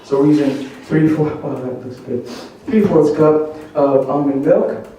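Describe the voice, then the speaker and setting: A fairly high, mellow man's voice, talking an audience through a recipe with jokes and quick questions. He sounds set back from the mic in a large hall with heavy echo. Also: slight background noise. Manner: chatty and joking, quizzing the audience. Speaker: cooking demonstrator. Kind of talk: live cooking demonstration. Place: large echoey church hall. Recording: very echoey hall, mic at a distance.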